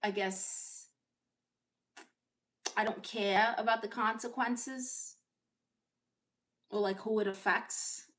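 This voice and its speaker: A woman's voice: medium pitch, fairly even intonation, takes it slowly, long pauses, a bit bright. A woman from Brooklyn with a Brooklyn accent, hosting a casual livestream and answering viewer comments in a blunt, sassy, unapologetic way. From Brooklyn, New York. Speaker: livestream host.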